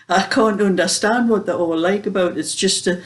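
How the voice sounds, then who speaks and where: A woman's voice: mid-range voice, moderate pace. A woman with a Geordie accent chatting casually to camera as a vlogger, homely and full of small hesitations. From Newcastle upon Tyne, England.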